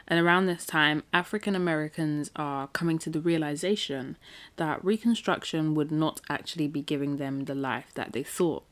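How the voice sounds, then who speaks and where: A young woman hosts her own podcast, thinking aloud in a loose, conversational way full of little fillers. Her voice sits low in pitch. She grew up in England. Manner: reflective, chatty, many fillers. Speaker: podcast host. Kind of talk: casual solo podcast talk.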